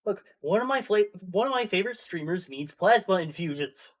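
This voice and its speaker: A woman's voice: medium pitch, expressive, brisk. A woman making brief, matter-of-fact remarks in a casual stream chat.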